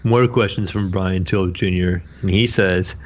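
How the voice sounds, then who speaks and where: A man co-hosting a gaming podcast, reading listener questions and telling stories in a measured way. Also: low-pitched, steady tone. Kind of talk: casual chat. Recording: dull lo-fi audio.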